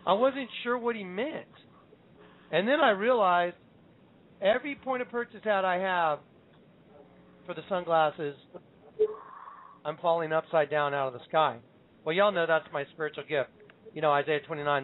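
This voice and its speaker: A man's voice: high voice, normal speed. A man hosting a show, teaching scripture as an emphatic storyteller who acts out the quotes. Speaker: show host. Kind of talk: Bible teaching on a call-in show. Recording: phone-line audio.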